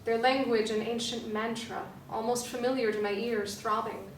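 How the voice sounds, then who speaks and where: A woman performer giving a dramatic literary reading of a novel excerpt, with slow, deliberate phrasing and pauses. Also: a little high, fairly even intonation. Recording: echoey room, distant mic, faint hum.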